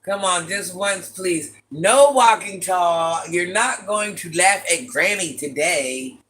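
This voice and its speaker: A woman with a deep, raspy voice hosting a casual livestream, chatting and teasing as she reads viewers' comments. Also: slow pace, sharp tone. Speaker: livestream host reading chat. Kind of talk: casual live chat with viewers.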